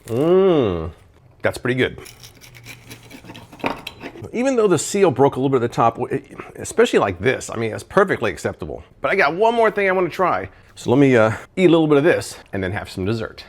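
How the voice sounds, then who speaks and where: A man's voice: medium pitch, sing-song, quick pace. A man chatting casually in a home kitchen as he tests and reviews kitchen gadgets, thinking aloud while he cooks. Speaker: product reviewer. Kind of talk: casual cooking review vlog.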